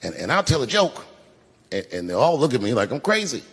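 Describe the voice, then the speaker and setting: Animated man doing live stand-up. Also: mid-range voice, brisk, vocal fry. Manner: animated storytelling with punchlines. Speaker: stand-up comedian. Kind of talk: stand-up comedy set. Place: large live venue. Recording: roomy live hall with crowd ambience.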